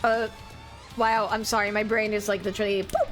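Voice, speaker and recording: A woman streamer, a native French speaker, chatting casually and reading her chat aloud, bubbly and excitable. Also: medium pitch, brisk, over loud music. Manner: bubbly, excitable, squeals greetings to viewers.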